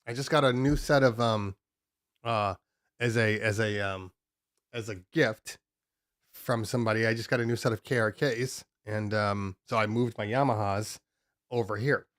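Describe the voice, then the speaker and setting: A man's voice: on the low side, steady tone, moderate pace, a bit bright, no echo. Male live-stream host, loose chatty delivery, home-studio feel, dead dry sound. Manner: loose and rambling, many ums and restarts. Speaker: DJ podcast host.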